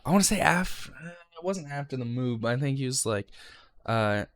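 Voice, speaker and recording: A man's voice: mid-range voice, expressive, moderate pace, no echo, studio quality. A young man, a railroad conductor trainee, giving a rambling, casual vlog recap of his training week and swearing freely.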